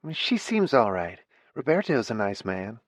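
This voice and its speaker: A male narrator voicing a fair-minded grown daughter who speaks gently and evenly. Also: medium pitch, expressive, no echo, clean studio sound, pitched above the performer's own voice, close to an everyday voice. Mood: gentle. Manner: gentle, measured.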